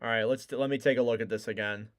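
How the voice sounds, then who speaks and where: A young man doing live play-by-play commentary as a fan streamer, excitable and shouting on big plays. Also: mid-range voice, racing.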